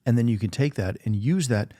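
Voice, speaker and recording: A man co-hosting a casual talk show, explaining ideas in a relaxed conversational way and acting out his own inner voice. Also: medium pitch, brisk, no echo, clean studio sound. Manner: conversational, talks through ideas with quoted self-talk. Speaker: podcast co-host. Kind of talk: casual faith-based chat.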